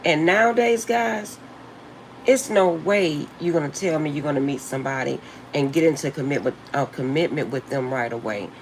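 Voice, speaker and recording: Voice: medium pitch, a little hiss or hum, low-quality recording. An older channel host giving casual spiritual advice to viewers in an emphatic, slangy, blunt way, laughing often.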